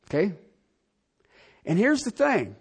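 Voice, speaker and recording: A man preaching a sermon, asking the congregation direct questions and swinging from loud emphatic lines to quiet ones. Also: high-pitched, huge pitch swings, takes it slowly, gravelly, breathy edge. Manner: talks straight to the congregation with rhetorical questions. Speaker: pastor.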